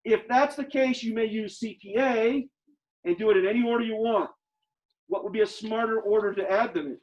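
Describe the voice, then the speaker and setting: A man's voice: high-pitched, fairly quick, darkish tone. A man teaching a math class in a lecture style, emphatic, repeating his questions to the students, a little out of breath behind a face mask. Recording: dull lo-fi classroom audio.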